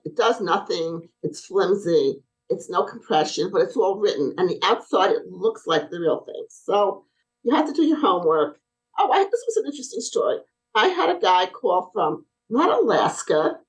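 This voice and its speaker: A middle-aged woman chatting as a podcast guest, spinning one anecdote after another. She acts out the lines of the people in her stories, and her voice swings widely up and down from a middle pitch. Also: low-quality recording. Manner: animated, acts out quoted dialogue. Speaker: podcast guest, brace company owner. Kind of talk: casual interview storytelling.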